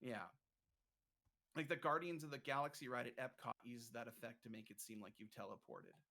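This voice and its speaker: A man's voice: medium pitch, fairly even intonation, brisk, creaky, pushed and bright. Man explaining theme park rides. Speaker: streamer guest. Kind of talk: casual chat.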